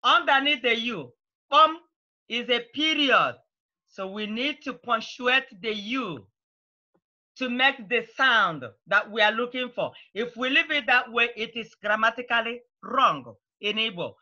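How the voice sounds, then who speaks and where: A woman teaching a beginner language class, patiently repeating phrases slowly and clearly for her students. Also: a little high, animated, sharp tone, highs cut off. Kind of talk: online language lesson.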